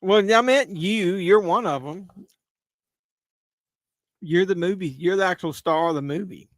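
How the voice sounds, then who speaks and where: A man's voice: sits high, measured pace, no echo. A man hosting a live movie watch-along, making casual commentary full of crude jokes. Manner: crude joking banter. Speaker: live-stream host.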